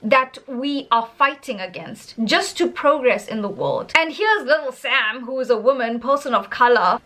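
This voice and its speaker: A woman from South Africa with a South African accent, an English teacher talking in a casual vlog, emphatic and opinionated. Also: on the high side. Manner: animated, emphatic and opinionated, with frequent laughs.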